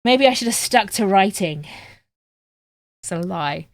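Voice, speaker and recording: A woman's voice: medium pitch, expressive, measured pace, no room sound, studio quality. A woman chatting casually on a live stream while she sews at home, joking at her own expense and swearing freely. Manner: chatty, self-mocking and swearing.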